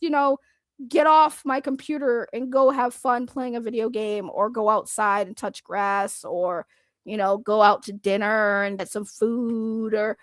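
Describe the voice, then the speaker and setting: A woman from Boston ranting on a live stream, loud, blunt and sarcastic, laughing often. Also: on the high side, no echo. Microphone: computer microphone.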